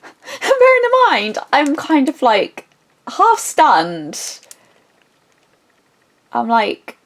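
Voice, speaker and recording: Woman, craft vlogger, casual chat, animated rambling storyteller who restarts her sentences a lot. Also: a little high, slow pace, pauses often.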